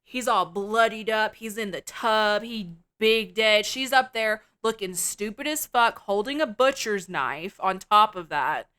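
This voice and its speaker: A woman co-hosting a casual film review podcast, retelling scenes in a blunt, profane, animated way. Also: mid-range voice, unhurried, hardly any pauses, clear, resonant tone. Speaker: podcast co-host.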